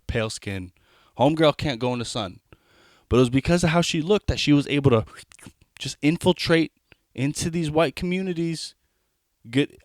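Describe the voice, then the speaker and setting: A man's voice: medium pitch, dry recording. Young guy doing standup, chatty, lots of side tangents and restarts, dry sound. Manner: conversational, rambling asides with frequent restarts. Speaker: stand-up comedian. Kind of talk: stand-up comedy set.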